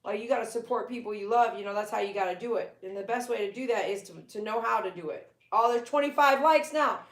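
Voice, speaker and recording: A woman's voice: quick pace, reverberant. A woman, a pet groomer chatting casually on a live stream from her living room and cooing at her dogs. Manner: chatty, talks to her dogs in a high baby voice. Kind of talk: casual livestream chat.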